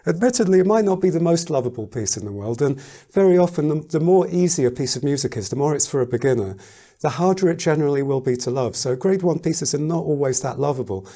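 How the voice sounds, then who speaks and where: A man teaching a piano lesson in a casual, thoughtful way, pausing often and humming rhythms aloud. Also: a little high, lively intonation. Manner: thoughtful, hesitant, sings and counts rhythms aloud. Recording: loud piano playing behind the voice.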